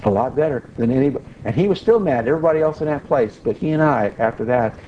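A man giving a Christian teaching, telling a personal story in a folksy, animated way with frequent restarts. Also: medium pitch, fast, dull audio, slight background noise. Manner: folksy, animated when retelling, restarts often. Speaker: Bible teacher.

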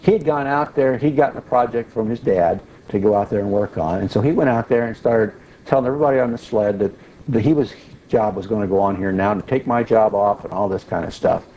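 A man giving a Christian teaching, telling a personal story in a folksy, animated way with frequent restarts. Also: lowish voice, brisk, lo-fi sound, slight background noise. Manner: folksy, animated when retelling, restarts often. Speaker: Bible teacher.

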